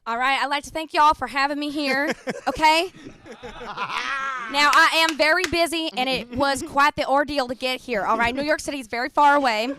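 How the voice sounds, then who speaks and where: Lady doing a foul-mouthed ozarks country gal, bright and high, brash and blunt. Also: moderate pace. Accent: put-on Ozarks Southern. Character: tough foul-mouthed rural Southern woman. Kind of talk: improvised comedy impression.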